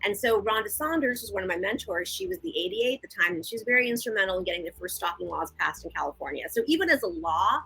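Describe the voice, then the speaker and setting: A woman guest and victim advocate, telling her story in a frank, animated, conversational interview. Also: mid-range voice, fast, gravelly, hardly any pauses, slightly rough, low-quality recording.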